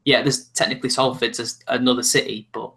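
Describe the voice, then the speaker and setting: A young man with a Mancunian accent, hosting a loose, casual online chat. He talks in a chatty, rambling way, breaks into laughter often and jumps between tangents. His voice sits in an ordinary middle pitch. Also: little pitch movement, a little fast, vocal fry, bright, forceful tone. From South Manchester, England. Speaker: channel host.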